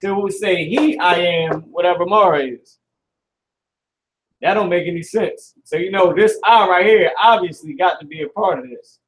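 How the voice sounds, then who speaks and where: A man's voice: sits high, normal speed, poor audio. A man teaching a live class at a board indoors, talking in a loose, slangy, profane way and often repeating himself. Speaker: Hebrew class instructor.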